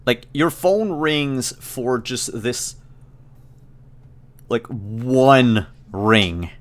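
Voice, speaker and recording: A man running a tabletop role-playing game as game master, describing scenes in a relaxed, hesitant way with frequent fillers. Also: medium pitch, extremely slow.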